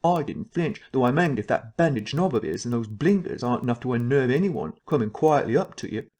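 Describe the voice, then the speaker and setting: A man voicing a jittery middle-aged man who recounts a fright, breathless and rising into shrill excitement. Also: a little fast, close to an everyday voice. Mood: frightened.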